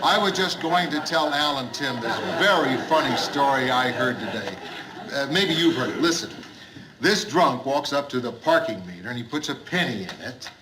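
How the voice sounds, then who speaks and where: An actor playing a gruff middle-aged bar owner who forces himself to be hearty and jovial, repeating his greetings in a 1970s studio sitcom. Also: mid-range voice, animated, moderate pace, natural voice. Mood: forced cheer. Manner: overly hearty, repetitive greetings. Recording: hissy old TV soundtrack.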